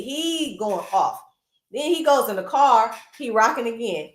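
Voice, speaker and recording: A woman hosting a casual movie recap, animated and chatty, with lots of asides to her viewers, recorded in a roomy space. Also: high voice, measured pace. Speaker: film recap host. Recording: roomy echo.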